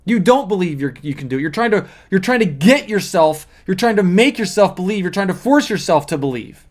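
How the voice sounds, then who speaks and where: A man's voice: high voice, animated, brisk. A man speaking as a manifesting coach, explaining step by step in an earnest teaching monologue with repeated emphasis.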